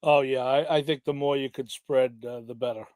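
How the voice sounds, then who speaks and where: A man's voice: mid-range voice, fairly even intonation, normal speed, darkish tone, dry recording. Hesitant man talking race picks, dry sound. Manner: hesitant, lots of fillers and restarts. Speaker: podcast co-host handicapping horse races. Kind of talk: casual chat.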